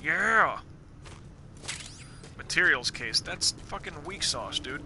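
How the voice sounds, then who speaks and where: A man's voice: a little high, animated, slow, long pauses, sharp tone, a little hiss or hum. A man streaming a video game live, chatting casually as he plays, joking and swearing while thinking aloud. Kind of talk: casual let's play commentary. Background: game music.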